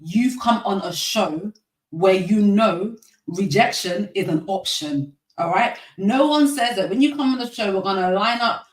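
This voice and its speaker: A woman's voice: medium pitch, animated, unhurried, far from the mic. Opinionated woman in an echoey room, off-mic. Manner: opinionated, emphatic, repeats points. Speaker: panelist. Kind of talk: panel discussion.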